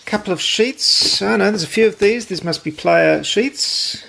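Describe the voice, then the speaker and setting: A man's voice: sits high, measured pace, gravelly, bright, forceful tone, slight background noise. A man hosting a board game channel, talking casually through an unboxing with chatty, jokey, delighted asides.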